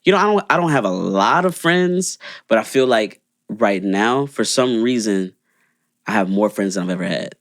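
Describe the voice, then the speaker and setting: This young co-host's voice sits on the low side with lively intonation, moving at normal speed. He chats casually on the podcast in a laid-back, rambling style packed with fillers, captured in a dry, studio-quality recording.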